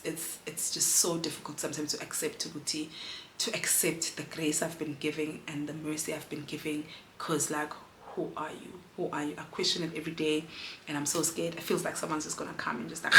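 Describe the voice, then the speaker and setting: A woman in her thirties speaks to camera in a low but bright, forward voice, earnest and emotional, dropping in local words as she goes. The room around her rings with a noticeable echo. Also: a little hiss or hum. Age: 30s. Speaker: vlogger and mother. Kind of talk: candid personal vlog. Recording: roomy echo.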